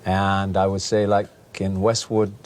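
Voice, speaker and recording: A man's voice: deep voice, flat delivery, unhurried, a little mellow, slight background noise. Hesitant Englishman on a talk show. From England. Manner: hesitant, many fillers, playful. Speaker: guest actor.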